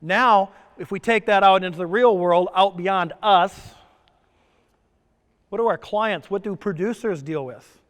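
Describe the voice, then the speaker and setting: A man's voice: high-pitched, a little slow, fairly bright tone. A middle-aged man giving a joking conference talk as a presenter, often asking the audience questions. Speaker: presenter at a stress summit. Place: resort conference room. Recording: long reverb of a conference hall.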